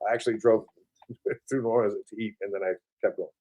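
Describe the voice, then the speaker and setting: A man's voice: lowish voice, steady tone, fast talker, warm tone. A man in his forties, a military veteran with a Buffalo accent mixed with Southern, talking casually in an interview with lots of fillers and restarts. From upstate New York. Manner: rambling, filler-heavy, frequent restarts, casual swearing.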